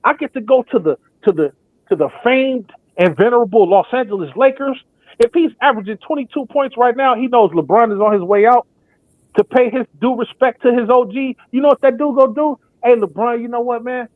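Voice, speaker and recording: Young male sports podcaster, high voice, animated, dry tinny line. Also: brisk, dry recording. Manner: acts out imagined quotes in put-on voices. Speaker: podcast co-host. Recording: thin phone-like sound.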